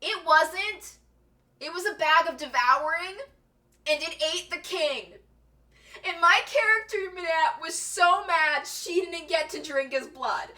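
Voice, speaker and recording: A young woman streamer casually telling tabletop game stories, animated and giggly, acting out quotes. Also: very high-pitched, slow, far from the mic. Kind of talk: casual storytelling chat.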